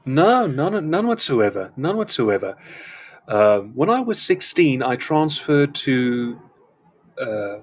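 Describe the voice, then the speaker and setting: A man's voice: medium pitch, very animated, takes it slowly, slight background noise. Man, from south africa, british-sounding diction, rambling wry guest, live chat show. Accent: British-educated English, not South African.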